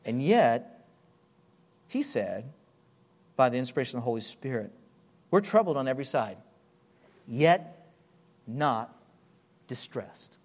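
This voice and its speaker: A man preaching a sermon, slowing and stretching key words, dropping to near-whispers and then building to loud, emphatic peaks. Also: mid-range voice, big pitch swings. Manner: wide swings from hushed, drawn-out phrases to loud emphatic build-ups.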